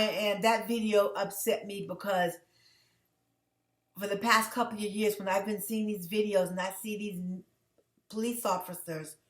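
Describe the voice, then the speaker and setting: A woman host from the United States talks straight to her viewers in an earnest, emotional way, often stopping and restarting her sentences. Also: medium pitch. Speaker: channel host. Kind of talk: direct-to-camera commentary vlog. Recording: echoey room.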